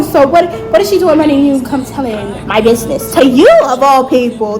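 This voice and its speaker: A woman in her late teens telling a storytime vlog in an animated, emphatic way, full of slang and asides. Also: sits high, moderate pace, few pauses, over music, rough recording. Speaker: vlogger. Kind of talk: storytime narration.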